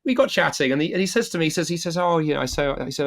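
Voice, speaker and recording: A middle-aged man from the UK, a guest author telling lively anecdotes in an interview and acting out the quotes. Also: a little high, very fast. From United Kingdom. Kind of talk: storytelling interview answer.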